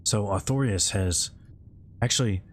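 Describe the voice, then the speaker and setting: A man from the Midwest with a slightly scratchy throat, chatting casually and a bit loudly into a close mic while streaming a game. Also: fairly low pitch, measured pace. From American Midwest. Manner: relaxed, rambling, talks a bit loud into the mic. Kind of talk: casual chat while gaming.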